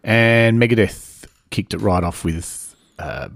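Chatty Australian radio host, dry sound. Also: male voice, fairly low pitch, slow, no room sound. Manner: chatty, loose, back-announcing songs with asides. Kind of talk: casual breakfast radio chat.

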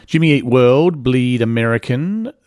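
A man's voice: medium pitch, expressive, unhurried, a little mellow, no echo. A man with an Australian accent hosting casual breakfast radio, back-announcing songs with loose, chatty asides. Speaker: radio host.

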